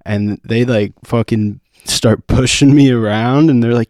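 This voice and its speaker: A young man co-hosting a casual podcast, telling stories with lots of swearing and loudly acting out what people said. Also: mid-range voice, unhurried, hardly any pauses, no echo, studio quality. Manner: animated storytelling, swearing, acts out quotes loudly. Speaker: podcast co-host. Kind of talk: casual chat.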